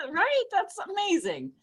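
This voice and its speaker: A middle-aged woman from Los Angeles working through a stand-up set. Her pitch swings widely as she talks, and she keeps leaping into squealy impressions of the people she quotes. Her delivery is chatty and lively. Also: slow pace. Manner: animated, jumps into high squealing voices for quoted people. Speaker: stand-up comedian.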